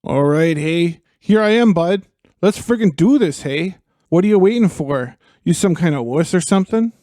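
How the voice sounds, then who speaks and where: A man's voice: high voice, animated, moderate pace, warm tone, no room sound, clean studio sound. A man voicing a fed-up, folksy warrior king in a comic radio drama, grumbling and blustering.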